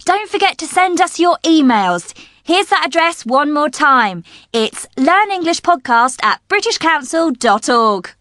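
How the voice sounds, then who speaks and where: Cheerful high-voiced woman podcast host. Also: big pitch swings, a little slow, a bit bright. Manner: cheerful, teasing. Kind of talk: scripted learner podcast.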